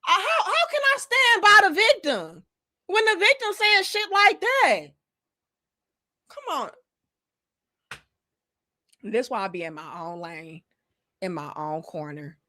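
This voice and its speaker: Woman host, slightly high voice, salty sarcastic rant. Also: takes it slowly, long pauses. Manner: profane, sarcastic, animated with exaggerated mock apologies. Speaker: commentary channel host. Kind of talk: casual commentary rant.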